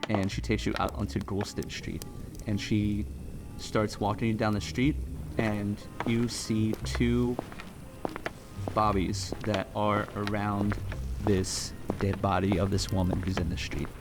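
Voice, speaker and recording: Low-voiced man narrating a horror game. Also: flat delivery. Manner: measured storytelling with fillers. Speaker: game master. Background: music.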